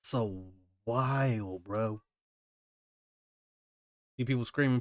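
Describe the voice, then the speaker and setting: Male streamer, mid pitch, excitable slangy reactions, dry close sound. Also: a little slow, no room sound. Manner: animated, exclaiming, slangy commentary. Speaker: manga reaction host. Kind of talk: live manga reading and reaction.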